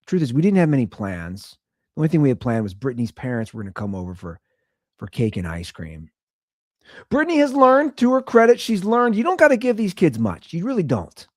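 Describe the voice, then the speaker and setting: This young podcast host talks a little quickly in a fairly high voice with huge pitch swings, rambling about his family on a laid-back solo show. He alternates between sing-song and mumbled delivery, and the studio-quality audio has no room sound.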